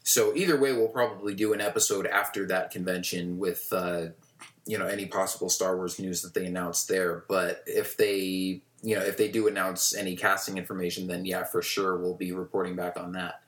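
A man's voice: low voice, level tone, fairly quick, a bit bright. A man co-hosting a podcast in casual chat, rambling with many fillers and restarts. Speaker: podcast co-host. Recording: roomy echo.

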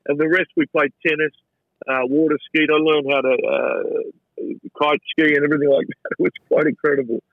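A man's voice: a little high, little pitch movement, fairly quick, no room sound, narrow, tinny audio. A man with an Australian accent, a chef telling stories from his career in a casual interview, often stumbling and repeating words as he goes. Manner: chatty, stumbling repetitions of words. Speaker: chef and restaurateur, interview guest. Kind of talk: casual anecdotal storytelling.

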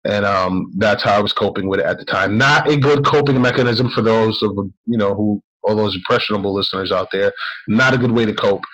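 A man's voice: fairly low pitch, brisk, a bit bright, dull audio. A man telling a story in a casual, rambling way as a podcast host.

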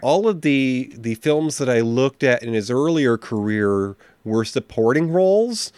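A man hosts an evening movie program in a loose, chatty way, stopping often on fillers and restarts. His pitch swings lively up and down, and the sound is close and dry. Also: measured pace, clean tone, no room sound. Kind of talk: casual chat.

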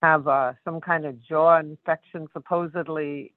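A worn-down woman calling into a support group from her apartment, talking in a weary, halting way and breaking off mid-sentence. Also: low voice, steady tone, no room sound. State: worn down, emotionally drained. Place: condo apartment. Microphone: phone. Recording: tinny phone line.

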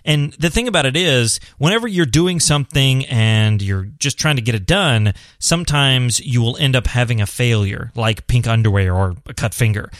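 A man's voice: medium pitch, moderate pace, hardly any pauses, fairly bright tone, no room sound. Earnest encouraging man, dry sound. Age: adult, parent of a son. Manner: earnest, encouraging, repeats points for emphasis. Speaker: blind host giving tips to visually impaired viewers. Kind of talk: casual advice monologue.

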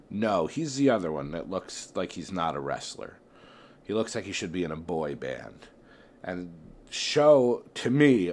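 A man with a lowish voice talks casually on his own, musing aloud as he works things out. He rambles, fills pauses with "um" and "you know," and often restarts his sentences partway through. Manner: rambling, thinks aloud with many fillers and restarts. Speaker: wrestling tournament host. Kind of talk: casual solo commentary.

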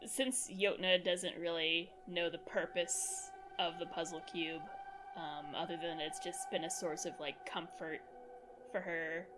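Slow-talking woman tabletop player. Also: on the low side. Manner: slow, hesitant narration. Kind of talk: narrating her character's actions.

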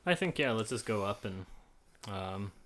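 A man's voice: fairly low pitch, expressive, normal speed, fairly bright tone. A man playing a tabletop game, casually suggesting what the group should do. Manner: easygoing, suggests plans. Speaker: player.

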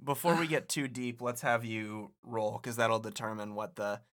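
A man's voice: mid-range voice, steady tone, normal speed, fairly bright tone. A man narrating as game master of a tabletop role-playing game, laid-back, swearing and laughing easily.

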